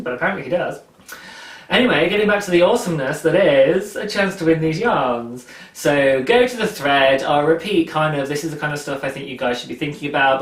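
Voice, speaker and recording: A man's voice: medium pitch, a bit bright. A man hosting a knitting podcast, talking casually to camera in a chatty, rambling, self-mocking way. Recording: roomy echo, mic at a distance.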